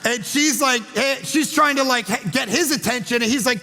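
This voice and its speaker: A man preaching a sermon as pastor, telling a story with animated voices and then leading a prayer. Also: extremely high pitch, moderate pace. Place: large church auditorium. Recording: long hall reverb with faint music.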